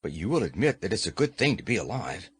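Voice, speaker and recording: A meek, simple pumpkin-headed fellow speaks naively in a slightly lowered voice, as a man puts him on. The tone stays mild and eager to please. This is a storybook reading. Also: big pitch swings, fast talker, slightly rough, no echo, full character voice.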